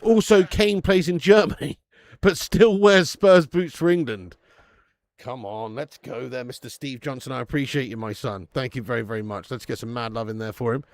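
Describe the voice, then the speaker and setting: A man's voice: medium pitch, steady tone, normal speed, no echo. A man hosting a live football watch-along, swearing freely and laughing as he reads out viewer messages.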